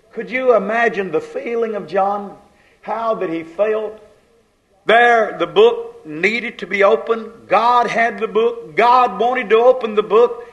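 A man preaching a sermon with fervor, swelling loud and then dropping to a hush. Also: very high voice, low-quality recording.

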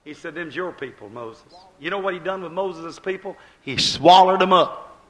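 A male preacher giving a sermon, retelling scripture in folksy dialect and dropping low, then rising loud, when quoting God. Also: normal speed. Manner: storytelling preacher who acts out God's voice low and rising loud.

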